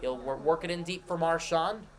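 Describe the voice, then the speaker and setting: Brief: male stream host, fairly high voice, quick running hockey play-by-play, close mic. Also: crowd noise. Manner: rapid, running call of each pass and shot, with asides to chat. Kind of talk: live hockey play-by-play over a scoreboard stream.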